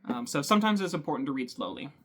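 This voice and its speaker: A man hosting a book channel, talking thoughtfully to camera with frequent ums and pauses. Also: a little high, animated, a bit bright. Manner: thoughtful, hesitant, many ums. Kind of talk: casual talk to camera.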